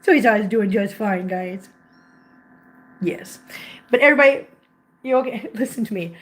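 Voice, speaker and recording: A woman's voice: lively intonation, measured pace, pauses often. Chatty woman in an echoey room. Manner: chatty, coos at the cats in a high sing-song voice. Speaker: host. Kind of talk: casual livestream chat. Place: home room full of cats. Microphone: laptop mic.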